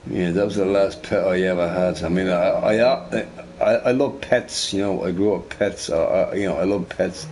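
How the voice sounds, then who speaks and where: A man's voice: sits low, steady tone, moderate pace, a little mellow, a little hiss or hum. A man telling a long, rambling story while playing a video game. He swears freely, repeats himself and keeps adding "you know, right?". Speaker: gamer recording gameplay. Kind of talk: casual storytelling over gameplay.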